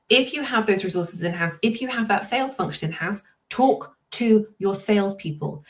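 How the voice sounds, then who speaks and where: A woman explaining things as a guest consultant in a casual interview chat, articulate, with quick asides. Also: mid-range voice, expressive.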